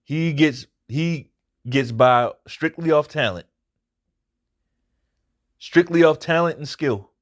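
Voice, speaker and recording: A man's voice: on the high side, slow pace, long pauses. A man hosting his own boxing commentary channel, giving a casual fight recap. He talks bluntly and swears often, and he repeats his points for emphasis.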